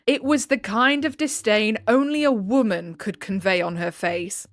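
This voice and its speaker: A woman's voice: medium pitch, normal speed, no room sound, clean studio sound. A woman at home giving a dramatic reading of online stories, acting out the dialogue and laughing often. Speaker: story narrator. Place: home room with window.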